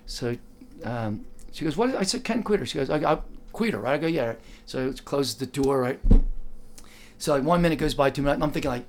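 A man's voice: medium pitch, lively intonation, a little fast, a little hiss or hum. An older man telling a casual, rambling anecdote, full of "like" and "you know" and acting out the other voices in his story. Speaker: storyteller recalling working as a driver.

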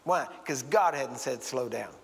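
A man's voice: medium pitch, unhurried, gravelly, a little hiss or hum. A man preaching a sermon in a church, telling folksy stories and acting out the voices of the people in them. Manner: folksy storytelling, acts out voices. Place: church sanctuary. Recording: long hall reverb.

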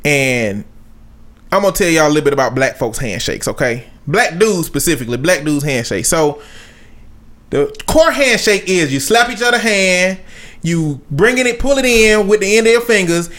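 A man's voice: sits high, fairly bright tone. A man chatting casually on a podcast, telling stories with jokes and frequent laughter. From Southern United States. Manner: storytelling, joking, laughs often. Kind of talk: casual chat.

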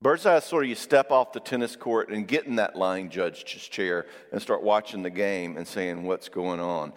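A middle-aged man giving a sermon on marriage, acting out quotes with lively storytelling and checking in with his listeners. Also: low-pitched, moderate pace. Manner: animated storytelling with acted-out quotes; engages audience with frequent "all right?" asides. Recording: long hall reverb.

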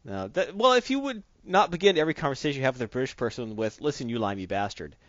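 A man's voice: a little high, very animated, quick pace, a bit bright, dry recording. A man co-hosts a casual podcast, his voice swinging up and down as he jokes and laughs. The sound is dull and lo-fi, with a dry, close feel. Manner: jokey, laughs often, riffs on comics and movies. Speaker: podcast co-host.

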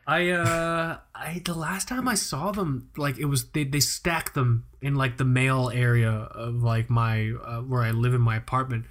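A man's voice: medium pitch, fairly even intonation, measured pace, few pauses, fairly bright tone. A man co-hosting a podcast, ranting in a profane, exasperated way and laughing often. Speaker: podcast co-host. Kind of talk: casual podcast chat.

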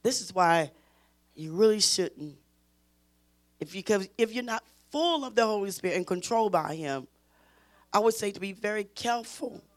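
A woman teaching a Bible study in an emphatic preaching style, repeating phrases and pushing her voice toward a shout. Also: mid-range voice, expressive, normal speed, long pauses.

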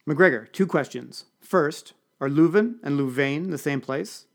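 A man playing a bossy, loud political staffer. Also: on the high side, vocal fry. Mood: brisk. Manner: brisk and commanding.

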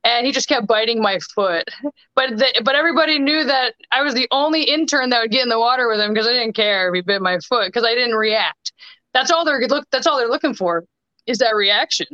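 A young woman chats as a podcast guest in a bright, crisp voice, telling stories in quick bursts full of restarts and fillers. Her sound is dry and a little dull, like lo-fi remote call audio. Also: on the high side, animated, no echo. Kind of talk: casual storytelling chat.

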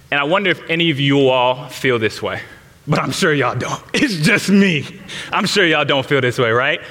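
Bright-voiced man preaching in a hall. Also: fairly high pitch, lively intonation, normal speed. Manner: candid storytelling, speaks straight to the congregation. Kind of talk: sermon told as personal story. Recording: reverberant hall.

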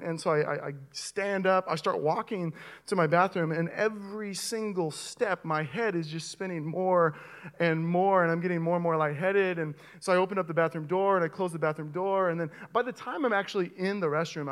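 Animated high-voiced young male pastor. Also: normal speed. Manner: animated storyteller, voice rising sharply with excitement. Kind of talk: sermon with a comic personal story. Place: church auditorium with audience.

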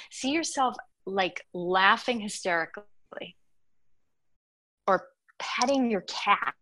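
A woman guiding listeners step by step through a tapping exercise, pausing often with a reassuring "okay". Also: mid-range voice, sharp tone. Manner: slow, step-by-step coaching with frequent "okay". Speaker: guest teacher. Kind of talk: guided tapping instruction.

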